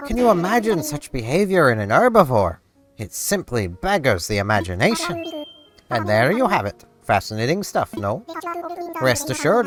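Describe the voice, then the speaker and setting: A man voicing a fussy, excitable male owl who runs a museum, speaking in pompous, flowery, old-fashioned phrases with gushing exclamations. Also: mid-range voice, pitched above the performer's own voice.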